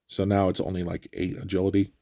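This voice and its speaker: A man with a stuffy nose talks through a game run in a low, gravelly voice. His delivery is relaxed and explanatory, full of fillers. The recording is dry and close. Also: quick pace, no echo. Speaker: gameplay commentator. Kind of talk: casual game walkthrough commentary.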